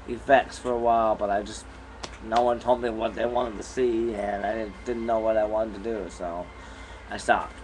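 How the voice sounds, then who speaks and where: In a rough recording made on a camera mic, a young man with a mid-range voice rambles through a casual vlog from his bedroom. He chews gum and sounds easygoing, with slight background noise.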